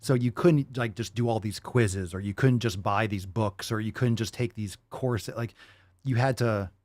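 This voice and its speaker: A man's voice: on the low side, moderate pace, a little mellow, no room sound. A man hosting a casual livestream, answering viewer questions and telling rambling, profane stories.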